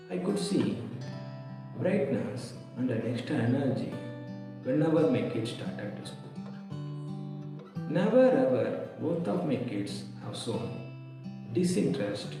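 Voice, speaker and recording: Man, parent testimonial, roomy distant sound, long reverb, music underneath. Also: medium pitch. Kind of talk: prepared testimonial speech. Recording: echoey hall, distant mic, music behind.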